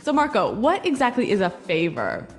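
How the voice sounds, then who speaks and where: A woman's voice: a little high, huge pitch swings, moderate pace, long reverb tail, soft background music. A woman co-hosting a scripted English lesson podcast, upbeat and responsive. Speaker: podcast co-host.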